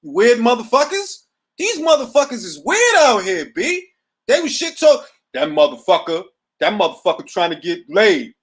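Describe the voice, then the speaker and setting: Man, middle-aged, animated pitch swings, profane, casual livestream host. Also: normal speed. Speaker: boxing show host. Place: at home, seated.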